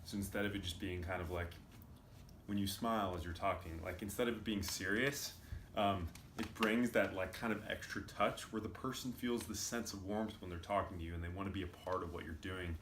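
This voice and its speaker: A man's voice: low voice, steady tone, fairly quick, a bit bright. A man giving a loose, casual commentary full of fillers as he explains clips. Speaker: video commentator. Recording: roomy with faint noise.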